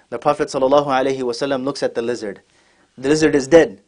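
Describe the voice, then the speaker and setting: A man giving a sermon at a workshop, retelling a story with lively acted dialogue and Arabic quotations. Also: mid-range voice, racing. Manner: acts out characters' lines, mixing in Arabic quotes. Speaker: scholar giving a talk.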